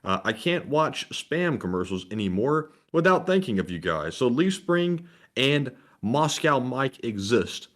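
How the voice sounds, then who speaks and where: This is a male co-host on a livestream who reads viewer donations out loud. His manner is casual and friendly. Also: mid-range voice, sing-song, measured pace, hardly any pauses. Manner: friendly, reads messages aloud.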